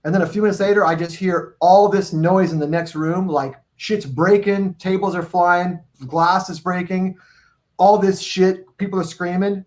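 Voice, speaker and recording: A man on a video call stream, telling tour stories in an animated, rambling, profane way. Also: high-pitched, moderate pace. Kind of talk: casual storytelling on a live video stream.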